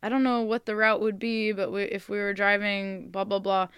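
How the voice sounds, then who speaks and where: A woman musician chatting in an interview, her voice smooth and very clear. She tells animated stories, laughs often, and sounds close to the mic in a dry space. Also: mid-range voice, normal speed, no echo. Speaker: musician guest. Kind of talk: casual interview chat.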